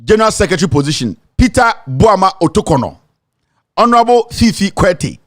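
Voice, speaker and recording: A man with a Ghanaian accent hosting opinionated political commentary, speaking emphatically with drawn-out exclamations. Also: high-pitched, sing-song, no room sound, clean studio sound.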